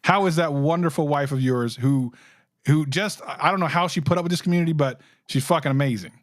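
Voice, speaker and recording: A hyped-up man hosting a livestream, speaking in a somewhat high voice. His sound is close and dry with no room around it. He gets preachy and keeps talking over his guests. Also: a little fast, dry recording. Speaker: livestream host. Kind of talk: casual chat.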